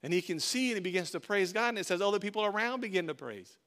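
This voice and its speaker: Man, pastor, sermon, high voice, emphatic, repetitive. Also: expressive, quick pace, fairly bright tone. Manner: emphatic, repeats phrases, direct address.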